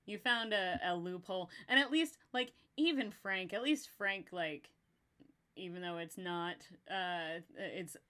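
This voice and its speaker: Upbeat young woman with slight vocal fry. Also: fairly low pitch, measured pace. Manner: animated, laughs often, swears casually. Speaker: podcast host. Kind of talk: casual chat.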